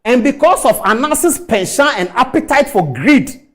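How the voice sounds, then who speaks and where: High-voiced, fiery male commentator. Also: big pitch swings, a little slow. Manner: indignant, rhetorical, mimics others in quotes. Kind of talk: impassioned commentary.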